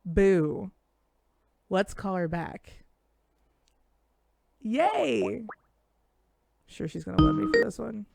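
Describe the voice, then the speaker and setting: A woman's voice: medium pitch, expressive, drawn-out words, creaky, pauses often, darkish tone, dry recording, studio quality, faint music behind. A young woman co-hosting a live stream over a video call, telling rambling stories bluntly with plenty of swearing. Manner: blunt, profane, rambling storyteller. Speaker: co-host. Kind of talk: casual live-stream chat.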